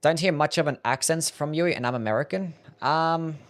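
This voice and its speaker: A man with a mild Australian accent streaming a game and chatting casually with viewers in a relaxed, jokey way. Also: on the high side, moderate pace. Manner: relaxed, jokey, reads and answers chat. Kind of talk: casual live-stream chat while gaming.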